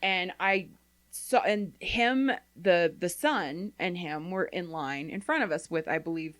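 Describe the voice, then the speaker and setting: A woman's voice: fairly low pitch, a little slow, a bit bright, no room sound. A woman co-hosting a casual chat podcast, telling rambling stories full of "like" and acted-out quotes. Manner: rambling storyteller, acts out quotes, frequent "like". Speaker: podcast co-host.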